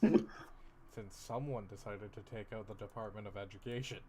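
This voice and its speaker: A man's voice: on the low side, fairly even intonation, normal speed, a little mellow, a little hiss or hum. A man running a tabletop game as game master, joking and laughing between narration.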